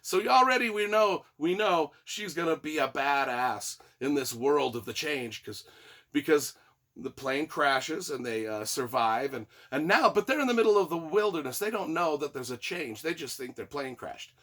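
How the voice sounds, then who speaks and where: A man's voice: on the high side, animated, moderate pace, fairly bright tone. A man giving a casual spoken book review, rambling and profane with sarcastic asides.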